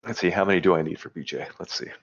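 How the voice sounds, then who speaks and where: A man's voice: low-pitched, rapid-fire, creaky, muffled recording, slight background noise. A man co-playing a shooter on stream, chatting in a playful way and laughing easily. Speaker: co-player on stream. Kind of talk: casual gaming banter.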